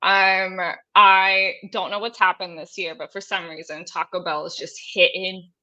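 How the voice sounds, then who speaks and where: A young woman co-host chats on a paranormal live stream. She giggles and gushes, and teases herself. Her voice is bright and sharp-edged. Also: fairly low pitch, level tone, unhurried, lo-fi sound. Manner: giggly, gushing, self-deprecating. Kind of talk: casual live-stream chat.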